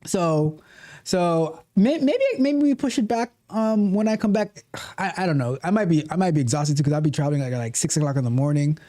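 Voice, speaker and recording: Male livestream host. Mellow tone, casual and animated, loose repeating delivery. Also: a little high, brisk. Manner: animated, repeats and restarts phrases. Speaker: livestream host, coding coach. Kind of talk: casual livestream chat, reading viewer comments.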